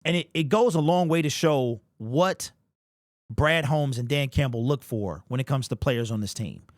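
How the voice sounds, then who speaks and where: This sports show host speaks at a medium pitch and a normal speed, getting worked up with passion and emphasis on his live talk stream. His emotion shows clearly, and the studio recording is clean, without echo.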